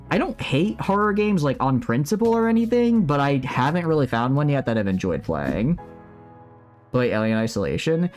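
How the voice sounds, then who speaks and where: A man talking casually to his stream chat, his pitch jumping around with lively energy as he answers questions. His voice sits at a middling pitch, and faint music plays underneath. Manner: animated, chatty, reacting to chat. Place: at home, building a model kit.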